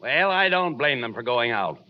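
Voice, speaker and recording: A man's voice: medium pitch, big pitch swings, moderate pace. A man playing the exasperated straight man of a 1940s radio comedy double act, scolding his partner and feeding him setups. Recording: dull lo-fi 1940s radio broadcast.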